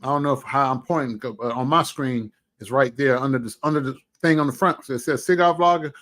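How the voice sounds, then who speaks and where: A man with a medium-pitched voice keeps his casual livestream chat animated and full of exclamations. Folksy asides and long hums fill the spaces between his remarks.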